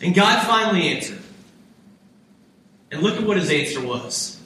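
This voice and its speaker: Male pastor, high voice, impassioned sermon delivery, roomy church sound picked up from a distance. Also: lively intonation, normal speed, bright, forceful tone. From United States. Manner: impassioned preaching, voicing prayers and God's reply. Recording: echoey hall, mic from a distance.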